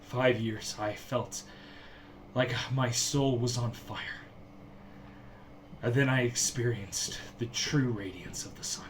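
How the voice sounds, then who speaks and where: A man doing a scarred, bearded warrior who has just been freed from a long curse. He speaks with heartfelt relief. The voice sits in an ordinary middle pitch, with a faint noise in the background. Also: slow pace, long pauses, lightly acted. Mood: grateful.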